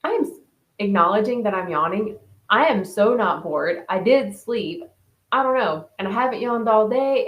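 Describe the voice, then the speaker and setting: A woman hosting a live online wellness group, chatting casually as she reads out participants' comments and answers them. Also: on the high side. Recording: roomy echo.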